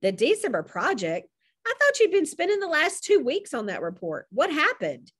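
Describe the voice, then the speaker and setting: A level-headed mother with a dry sense of humor, read by a woman narrator. She talks calmly and gently, her pitch still moving freely in storybook fashion. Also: moderate pace, full character voice. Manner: calm, gently wry.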